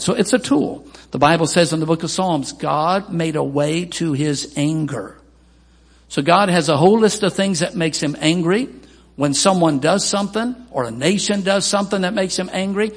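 A pastor with a gravelly, slightly husky voice preaches with strong emphasis and lifts his pitch when he quotes people. His voice sits a little high for a man and rings with long reverb through a church hall. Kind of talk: sermon.

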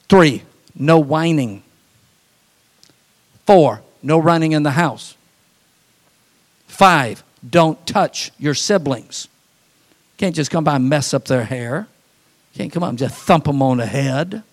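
A man preaching a sermon as pastor, folksy, with quick asides and acted-out voices. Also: a little high.

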